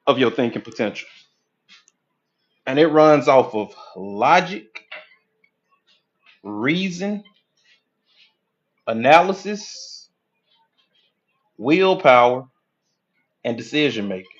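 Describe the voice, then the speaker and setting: A man coaching on mindset, lecturing at a whiteboard in an animated way and acting out inner voices with casual profanity. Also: medium pitch, slow, long pauses, lo-fi sound. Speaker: hypnotherapy coach.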